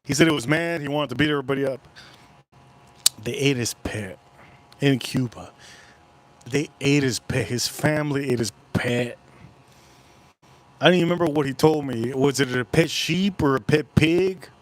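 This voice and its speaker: A man's voice: medium pitch, normal speed, long pauses. A man hosting a casual livestream, rambling through stories, swearing casually and repeating himself as he talks. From United States. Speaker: whiskey livestream host.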